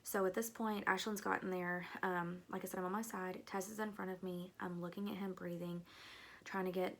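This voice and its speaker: A young woman vlogger tells her viewers a long personal story, chatty and meandering, with plenty of fillers and asides. Her fairly low voice has vocal fry and a fairly bright tone. She speaks a little fast in a flat way.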